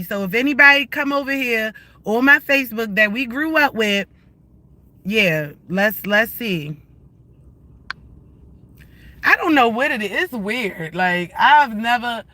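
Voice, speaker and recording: A man's voice: very high-pitched, pushed and bright, no room sound. A man ranting on a phone livestream, confrontational and profane, firing the same questions again and again. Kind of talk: heated livestream rant.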